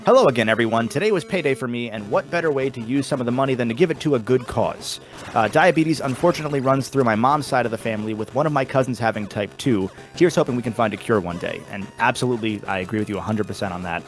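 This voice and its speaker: A man's voice: mid-range voice, fast, faint music behind. A man hosting a charity stream in a casual chat, reading donation messages aloud, sometimes stumbling over them and laughing.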